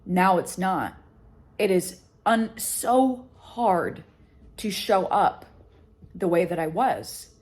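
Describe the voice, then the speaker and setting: A woman's voice: lowish voice, expressive, slow pace, a little mellow. A woman vlogger and education business founder talking candidly and emotionally about her life, swearing freely. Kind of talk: candid personal vlog talk.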